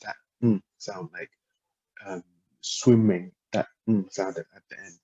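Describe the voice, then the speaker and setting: Slow low-voiced man teaching a language. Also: steady tone, mellow, husky. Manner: hesitant, lots of ums, spells out syllables and tones. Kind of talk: relaxed explanatory lesson. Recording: dull lo-fi audio without a proper mic.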